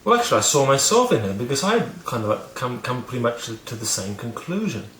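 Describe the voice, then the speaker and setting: A man's voice: medium pitch, very animated, quick pace, a bit bright, roomy sound, a little hiss or hum. Man telling a rambling self-mocking story. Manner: rambling, many fillers and restarts, self-mocking. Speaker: vlogger teaching about learning. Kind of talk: casual storytelling to camera.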